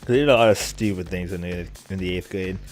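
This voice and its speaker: With soft music in the background, a young man speaks fast in a low voice as he plays a video game on camera. His commentary drifts into rambling stories, heavy with filler words and frequent laughter.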